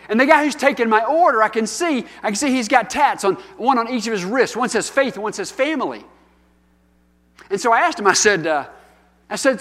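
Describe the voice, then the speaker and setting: A man's voice: sits high, a bit bright. A man in his fifties, a pastor preaching a sermon in a storytelling, conversational style that rises into emphatic calls. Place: church hall. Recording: long hall reverb.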